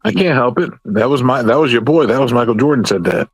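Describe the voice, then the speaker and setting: Lively joking man on podcast. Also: medium pitch, quick pace, slightly rough, dry recording, faint music behind. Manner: jokey, animated, does silly voices. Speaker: podcast co-host. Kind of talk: casual wrestling chat.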